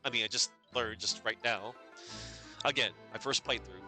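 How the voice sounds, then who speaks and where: A man's voice: mid-range voice, moderate pace, pushed and bright. Man streamer with casual, amused asides. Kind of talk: live gameplay commentary. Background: game music.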